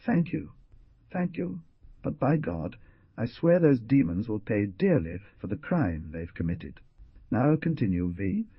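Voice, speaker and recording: A man's voice: fairly low pitch, sing-song, measured pace, husky, no echo, muffled recording, exaggerated voice. A man voicing a proud, fiery young outlaw leader who speaks in passionate, indignant outbursts, read in an audiobook. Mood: impassioned.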